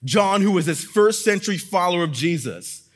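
An earnest male pastor delivering a sermon, his voice sitting a bit higher than most men's. He preaches with emphasis, driving home points by repeating phrases, and moves from a quiet prayer into teaching. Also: animated, normal speed.

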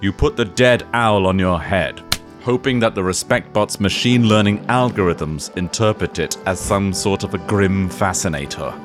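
A man's voice: low voice, normal speed, over music. A man, the game master, narrating a comic tabletop game in a dry, mock-dramatic storytelling manner.

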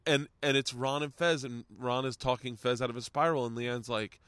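A man's voice: a little high, a little fast, few pauses, sharp tone, no room sound, clean studio sound. A man hosting a podcast, telling a rambling anecdote in casual chat, acting out voices and swearing freely. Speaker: podcast host. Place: outdoors.

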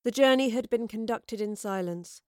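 A woman narrating a fantasy audiobook in a measured, steady storytelling voice. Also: fairly high pitch, no echo. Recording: dry close recording.

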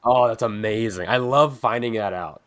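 A man's voice: on the low side, moderate pace. A man hosting a podcast in casual chat, talking loosely with lots of "like" fillers. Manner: loose, filler-heavy talk with many "like"s. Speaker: podcast host.

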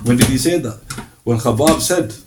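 Against a noisy background, this middle-aged lecturer speaks at a moderate pace in a mid-range voice. His recorded religious lecture covers Islamic history with Quran recitation, as he steadily reads lists of references and performs brief bits of dialogue.

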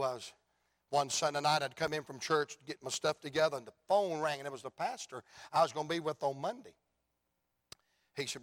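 A man with a Southern US accent preaching an evangelistic sermon, telling folksy stories and building to shouted climaxes. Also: on the high side, fairly quick. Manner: folksy storytelling, rising to shouts.

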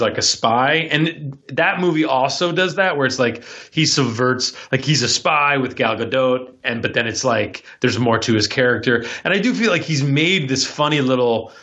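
A man's voice: mid-range voice, fairly bright tone. Man thinking aloud on a dull line. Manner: thinks aloud, seeks agreement with "right?". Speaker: podcast co-host. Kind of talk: casual film discussion.

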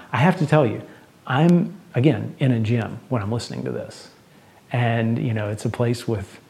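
A man's voice: fairly low pitch, vocal fry, darkish tone. A middle-aged man, a pastor telling a story in a conversational sermon and leading a closing prayer.

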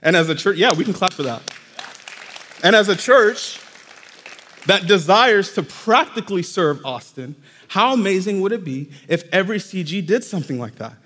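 A man's voice: high-pitched, animated, normal speed, fairly bright tone, some chatter behind. A man preaching a sermon in a church, talking to the congregation directly in a conversational way. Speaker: pastor. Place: church sanctuary. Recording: long reverb of a church hall.

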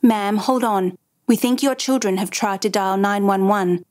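A woman reading a story voices a calm emergency dispatcher speaking steadily. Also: mid-range voice, measured pace, no echo, clean studio sound, close to an everyday voice.

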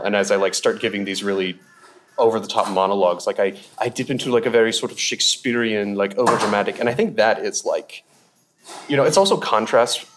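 A young man from Seattle, a sketch comedian guest chatting casually on a podcast, rambling and animated with plenty of fillers and laughs. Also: on the low side.

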